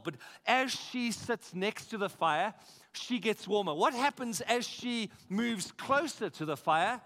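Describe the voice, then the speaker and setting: This South African pastor's voice rides high as he preaches in church, energetic and emphatic. He keeps returning to the same phrases and poses questions to the congregation.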